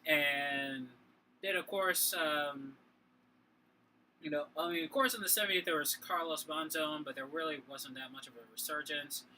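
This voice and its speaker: A man's voice: a little high, moderate pace, pushed and bright, slight background noise, poor audio. A tipsy man with a Boston accent co-hosting a casual sports talk show, rambling with many fillers and restarts. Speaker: podcast co-host.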